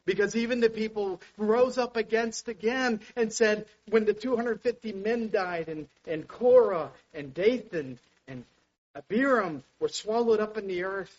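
A man preaching a sermon with passion, dropping to a hush and then rising to loud exclamations. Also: sits high, lively intonation, moderate pace. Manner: impassioned, swings from hushed to loud exclamations. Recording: dull lo-fi sound.

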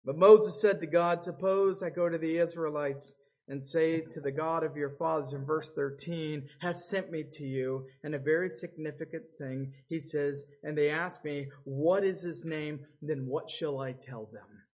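A man's voice: on the high side, fairly even intonation, normal speed, darkish tone, highs cut off. A man preaching a sermon, dramatically acting out the voices of biblical figures as he tells the story. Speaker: pastor.

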